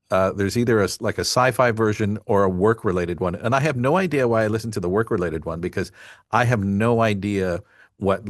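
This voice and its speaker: A man's voice: lowish voice, no echo, studio quality. A man hosting a podcast, rambling in casual chat with many asides. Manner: rambling, full of fillers and asides. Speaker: podcast host.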